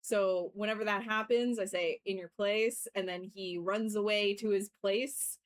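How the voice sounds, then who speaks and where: A woman streams herself working and chats casually with her audience, often laughing and retelling stories with animation. Her voice is mid-range and steady, at a moderate pace.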